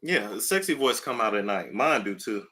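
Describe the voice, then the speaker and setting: Laid-back low-voiced man, bright tone. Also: big pitch swings, normal speed, breathy edge. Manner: laid-back, slangy, chatty. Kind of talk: casual chat.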